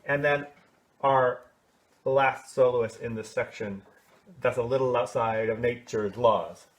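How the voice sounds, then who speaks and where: A man teaching a children's choir, explaining solos in a relaxed, chatty way and singing short snippets to show how they go. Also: mid-range voice, slow. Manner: casual, explanatory, sings short snatches to demonstrate. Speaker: music teacher. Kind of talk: coaching a kids' choir on song solos.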